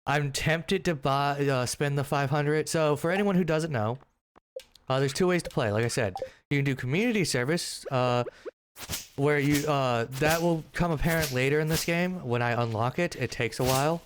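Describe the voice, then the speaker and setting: A man's voice: a little high, normal speed, noisy background. Joking, profane man streaming a game. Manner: joking, profane, animated rambling. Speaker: gaming streamer. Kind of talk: casual gameplay commentary.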